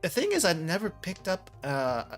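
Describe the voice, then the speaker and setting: A man's voice: high voice, huge pitch swings, moderate pace, faint music behind. A man hosting a podcast in casual chat, hesitant, often stammering and restarting his sentences. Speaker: podcast host.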